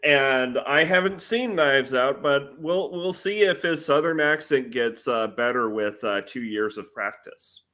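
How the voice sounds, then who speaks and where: A man's voice: mid-range voice, unhurried, hardly any pauses, sharp tone. A man co-hosting a casual film podcast, speaking hesitantly with fillers and restarts. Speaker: podcast co-host.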